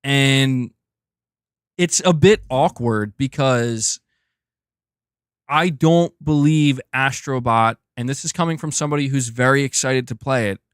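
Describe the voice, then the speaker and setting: A man hosting a gaming news livestream, reading viewer messages in casual, excitable chat and calling people "dude". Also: mid-range voice, measured pace, clean tone, no room sound, studio quality. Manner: excitable and chatty, often says "dude".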